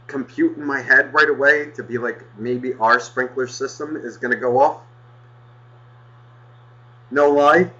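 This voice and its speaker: Talking to his co-host in a mid-range voice, a man launches into a long, animated, profanity-laced story, cursing constantly and restarting as he rambles. His tone is bright and forceful, and the recording is muffled and lo-fi.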